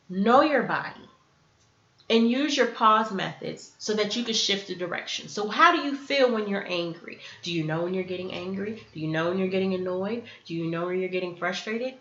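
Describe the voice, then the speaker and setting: With a pushed, bright voice of medium pitch, a self-help host speaks earnestly to camera, acting out example conversations in her lesson. The room is echoey and the sound dull and lo-fi.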